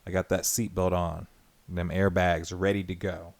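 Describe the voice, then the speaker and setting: Male podcast host, lowish voice, earnest and rambling, reflective solo talk. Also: little pitch movement, normal speed. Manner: earnest, rambling, with many "like" fillers and restarts.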